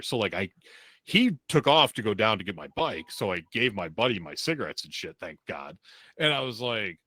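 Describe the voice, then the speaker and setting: A man's voice: low-pitched, animated, fairly quick, pushed and bright, no echo. A man on a podcast telling a rambling, profane story in a casual way, laughing now and then.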